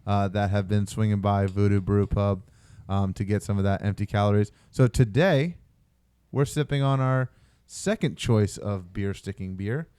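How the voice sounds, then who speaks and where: A man's voice: lowish voice, moderate pace, dark tone, clear, resonant tone, no echo. Joking male podcast co-host, dry mic. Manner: joking, teasing. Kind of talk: casual banter.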